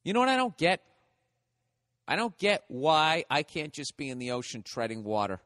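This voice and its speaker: A man's voice: fairly high pitch, big pitch swings, normal speed, a bit bright, big-room sound. A man hosting a solo comedy podcast, talking in a rambling, profane, ranting way.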